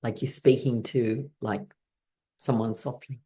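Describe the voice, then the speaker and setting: A woman's voice: very deep voice, fairly even intonation, a little slow, dark tone. A woman teaching a guided laughter exercise class, coaching her listeners in an encouraging, playful way.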